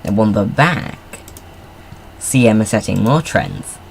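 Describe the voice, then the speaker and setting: A man's voice: fairly low pitch, sing-song, slow, creaky, a little hiss or hum. A man giving casual, rambling commentary while playing a car design game. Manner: rambling, chatty, self-deprecating asides. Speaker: gamer.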